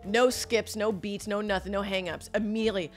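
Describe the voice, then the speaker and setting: An animated woman co-hosting a podcast, telling a story in easy, swearing casual chat. Her voice sits at a middle pitch. Faint music plays behind her. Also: fairly quick. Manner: animated, acts out drunk voices, swears freely. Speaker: podcast co-host.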